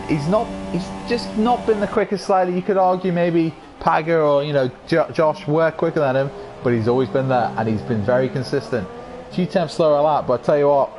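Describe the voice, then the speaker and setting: A man with a croaky voice giving excitable live commentary on an online racing league, rising to yells at incidents. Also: a little high, background noise.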